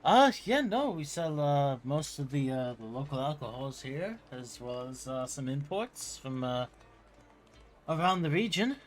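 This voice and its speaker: A man's voice: medium pitch, expressive, a little slow, soft background music. A man serving as game master of a tabletop game, making laughing, self-deprecating asides.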